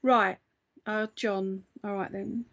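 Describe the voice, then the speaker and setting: A woman's voice: mid-range voice, fairly even intonation, slow, a bit bright, highs cut off. A woman working as a psychic medium, giving a live reading in a chatty, reassuring way and often checking in with her listener.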